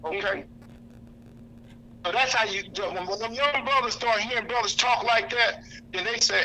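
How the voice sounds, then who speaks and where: A man speaking in a fiery, preacherly way to a lunch crowd, his voice pitched high and cutting with a very sharp, bright edge. He talks bluntly, hammers points home by repeating them, and cites scripture chapter and verse. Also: moderate pace, pauses often, a little hiss or hum, low-quality recording. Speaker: activist speaker. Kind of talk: impassioned speech to a lunch audience. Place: indoor lunch gathering.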